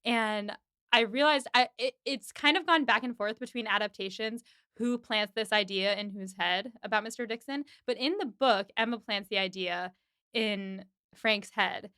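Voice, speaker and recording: A woman hosting a podcast, recapping an episode in a casual, animated way with quick voiced asides. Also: mid-range voice, smooth, dry recording, studio quality. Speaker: podcast host.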